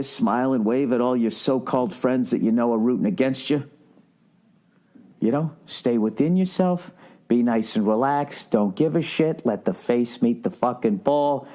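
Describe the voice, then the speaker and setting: Hosting his own podcast, a middle-aged man with a Boston accent riffs sarcastically through a profane, rambling comedic monologue. His voice is medium in pitch with a dark tone.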